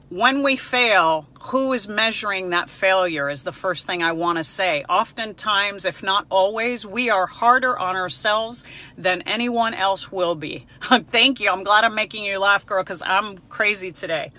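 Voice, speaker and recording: A woman hosting an advice talk, chatty and animated, who laughs readily as she speaks straight to her audience. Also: mid-range voice, measured pace. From Cuban heritage. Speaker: host.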